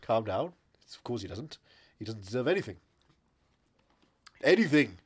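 A man's voice: mid-range voice, sing-song, moderate pace, slightly rough, voice pushed down. A man playing a pompous, name-dropping aging British actor in improvised comedy banter, with a theatrical luvvie drawl. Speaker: mock talk-show host.

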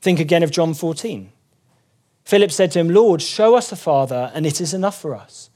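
A male preacher delivering a sermon in a fairly high voice. He speaks earnestly and with emphasis, and his voice lifts whenever he quotes scripture. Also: lively intonation, normal speed, warm tone. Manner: earnest, emphatic, voice rising when quoting scripture.

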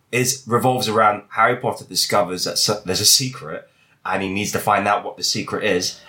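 A man hosting a casual discussion, chatty and quick to laugh, asking probing questions. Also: mid-range voice, a bit bright. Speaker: podcast host.

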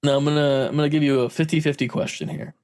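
A man's voice: a little high, fairly even intonation, fast talker, a little mellow, clean tone. A man in casual chat, telling a story with frequent laughs and casual swearing.

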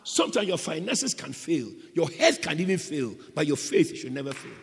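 Male pastor mid-sermon, impassioned, high and swooping voice, ringing church reverb. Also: very animated, moderate pace, creaky. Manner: impassioned, surging from hushed to shouting.

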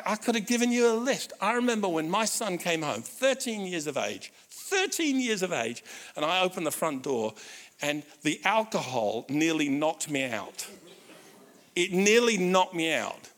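A middle-aged man preaching a sermon, telling a personal story with lively audience asides and frequent restarts. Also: sits high. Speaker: pastor.

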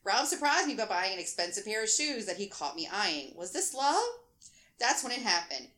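A woman's voice: medium pitch, normal speed. A woman host in her thirties reading a funny story aloud and laughing as she goes. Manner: animated, laughing through the reading. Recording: roomy echo.

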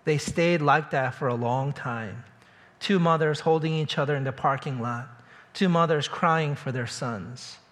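A man, a church pastor, delivering a sermon that includes a story read aloud, telling it steadily and growing quieter toward the close. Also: mid-range voice.

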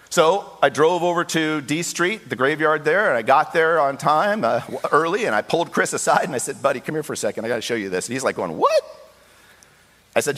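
A man's voice: mid-range voice, moderate pace. Male pastor, preaching storyteller, acts out quotes, echoing church hall. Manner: storytelling with lively voiced quotes. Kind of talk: sermon. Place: church sanctuary. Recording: long hall reverb.

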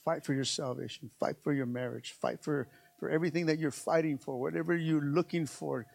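A man's voice: fairly high pitch, fairly even intonation, brisk, vocal fry, darkish tone. A man preaching a sermon as pastor, emphatic and repetitive, calling out to his congregation again and again.

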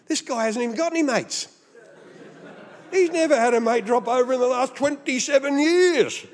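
An Australian man preaching a sermon, animated and humorous, mimicking voices as he goes. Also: very high voice, in a large hall. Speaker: pastor.

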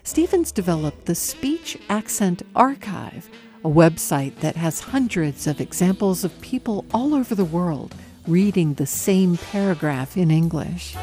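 A woman's voice: fairly low pitch, animated, a little slow, warm tone, faint music behind. A woman hosting a radio show, reading a scripted introduction and asking curious, conversational interview questions.

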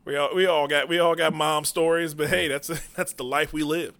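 A man hosting a comedy podcast in a loose, laughing way, with plenty of cursing. His voice sits a bit high and sounds bright and forward. He talks on a studio mic. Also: steady tone, moderate pace, creaky. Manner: laughing storyteller, loose and profane. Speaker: podcast host. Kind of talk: casual comedy podcast banter.

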